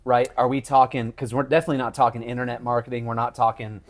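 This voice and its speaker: A man's voice: mid-range voice, level tone. Curious man asking follow-ups. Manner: curious, asks quick follow-up questions. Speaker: podcast co-host. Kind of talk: casual chat.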